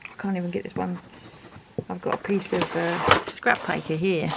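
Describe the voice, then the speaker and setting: A woman's voice: on the low side, steady tone, moderate pace, vocal fry, very noisy. A woman, chatting casually and thinking aloud as she reviews art supplies.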